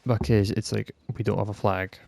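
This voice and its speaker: A man's voice: on the low side, flat delivery, moderate pace, gravelly, mellow, no echo. A young man from Scotland with a northern Scottish accent, ranting casually and heatedly, swearing often. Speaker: podcast rambler. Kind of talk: casual rant.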